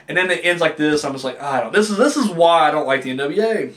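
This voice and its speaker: A man's voice: a little high, sing-song, very fast, few pauses, a bit bright. A man giving a casual, profane video review of a wrestling match, ranting with frequent restarts.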